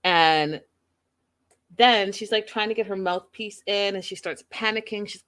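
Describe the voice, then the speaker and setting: A woman hosting a casual recap of a reality show, chatting in an animated, gossipy storytelling way. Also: medium pitch, measured pace. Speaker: show host.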